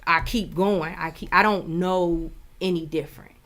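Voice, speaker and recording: A woman's voice: fairly low pitch, fairly even intonation, moderate pace, a bit bright. A woman from Ohio talking as a podcast guest in a casual interview, earnest and heartfelt, with many "like"s. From Ohio, United States. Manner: earnest and heartfelt, fills talk with "like".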